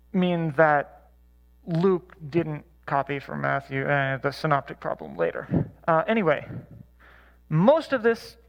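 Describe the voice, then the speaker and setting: High-voiced man teaching a casual Bible class. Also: vocal fry, dull audio. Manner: chatty, many fillers and self-corrections. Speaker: church Bible study teacher. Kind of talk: casual teaching talk with anecdotes.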